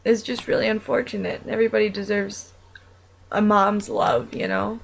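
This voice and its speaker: A woman's voice: medium pitch, fairly even intonation, moderate pace, creaky, slight background noise, rough recording. A young adult woman talking casually about her own life, rambling and chatty with many fillers and restarts. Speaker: vlogger. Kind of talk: casual personal monologue.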